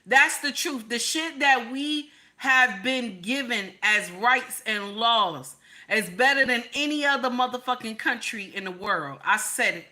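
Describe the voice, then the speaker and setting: On the high side and expressive, the American host speaks unhurriedly in a bright, forceful tone. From the United States, she rants at her live stream viewers, profane and emphatic, restating her points repeatedly.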